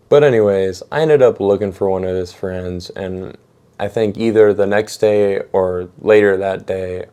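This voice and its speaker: Young man, story-time vlogger, animated slangy delivery with bursts of exclamation. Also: low-pitched.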